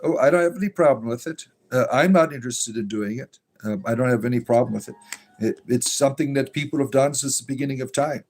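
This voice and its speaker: A man's voice: medium pitch, fast, a little mellow. A man hosting a spirituality livestream, chatting casually and answering comments in a rambling, combative way. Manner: rambling, combative, full of fillers and asides. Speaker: host of a pagan spirituality stream.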